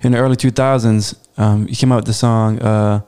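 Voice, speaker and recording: A man's voice: fairly low pitch, fairly even intonation, brisk, dark tone, clean tone. A man from Baltimore interviewing a guest, asking curious, rambling questions in a casual chat. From Baltimore, USA.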